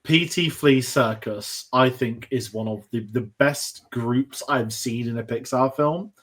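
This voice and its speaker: A man's voice: mid-range voice, a little slow, a bit bright. Enthusiastic man chatting about films. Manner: enthusiastic, rambling with restarts. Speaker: podcast co-host. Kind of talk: casual film discussion.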